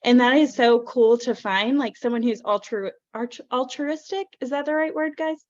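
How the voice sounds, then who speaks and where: A woman hosts a casual podcast in a bubbly, effusive way, full of "like" and "um". Her voice is a touch high, and the sound comes through a little muffled and lo-fi. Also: normal speed, a little mellow. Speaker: podcast host. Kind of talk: casual chat.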